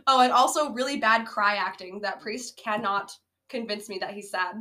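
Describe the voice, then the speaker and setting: A woman co-hosting a casual podcast, retelling a bad movie with frequent laughter and animated acted-out quotes. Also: normal speed. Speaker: podcast co-host. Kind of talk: casual movie-roast chat. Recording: low-quality amateur audio.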